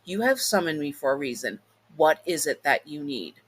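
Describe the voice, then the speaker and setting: A man's voice: fairly high pitch, very animated, normal speed, a bit bright, husky, full character voice. A man voicing a smug, teasing female demon who calls the listener pet names. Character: smug flirty female demon, possessive and protective.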